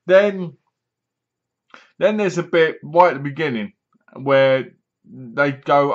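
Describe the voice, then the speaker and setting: Bloke rambling through a movie review, sarcastic, kinda muffled cheap mic. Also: male voice, medium pitch, measured pace, pauses often. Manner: rambling, sarcastic, with frequent restarts. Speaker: film reviewer. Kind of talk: casual spoken film review. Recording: dull lo-fi home recording.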